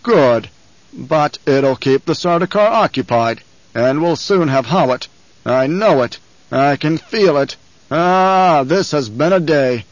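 A slow, sneering old baron who looms over everyone he speaks to, as a man reads him for an audiobook. His drawl is measured and domineering, slightly raised, on a dry, faintly muffled recording. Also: on the high side, no echo, lightly acted. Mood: gloating. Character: scheming obese old baron, menacing and contemptuous.

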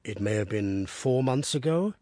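A man voicing an earnest, anxious country gentleman. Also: fairly low pitch, expressive, normal speed, no echo, studio quality, pitched below the performer's own voice. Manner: earnest, pleading.

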